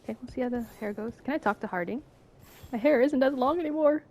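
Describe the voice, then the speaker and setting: A woman's voice: sits high, quick pace, a little mellow, a little hiss or hum. A woman streaming a game, reading in-game text aloud with casual asides and frequent laughter.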